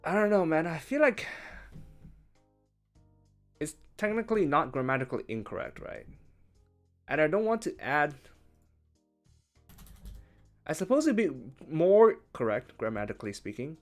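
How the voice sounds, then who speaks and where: A man working through a translation out loud in a casual, chatty way, thinking as he goes. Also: fairly high pitch, big pitch swings, normal speed, long pauses, faint music behind. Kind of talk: casual live-translation commentary.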